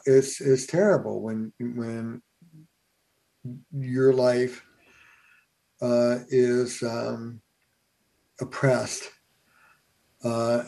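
A man's voice: medium pitch, gravelly. A man, a family therapist, telling stories in a podcast conversation, with lots of "uh" fillers. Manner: animated storyteller, many fillers.

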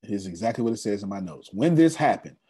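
A man presenting on an online meeting call, excitable and casual, repeating himself for emphasis. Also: lowish voice, fast, husky. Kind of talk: animated motivational pitch.

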